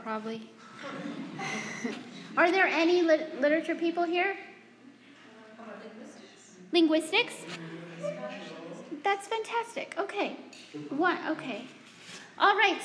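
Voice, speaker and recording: A woman's voice: high-pitched, fairly bright tone, slight background noise. A middle-aged woman addressing students and parents in a live speech. She talks in a self-deprecating, humorous, conversational way, with restarts and asides. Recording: echoey hall with long reverb.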